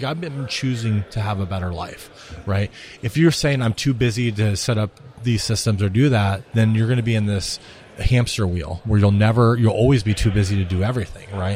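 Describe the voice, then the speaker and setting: A man with a low, mellow voice talks through his business in a relaxed interview. He rambles, restarts and checks in with a steady stream of "right?". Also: slight background noise. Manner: rambling, repeats himself, frequent "right?". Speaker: CEO of a restaurant tech company. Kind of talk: casual podcast interview.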